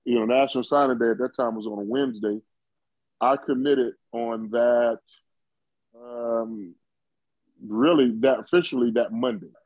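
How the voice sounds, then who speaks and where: A man's voice: medium pitch, steady tone, measured pace, pauses often, no echo. Rambling, chuckling man on a dull recording. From Ohio. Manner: rambling with many fillers, chuckling. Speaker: interview guest, former football player. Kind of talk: conversational storytelling.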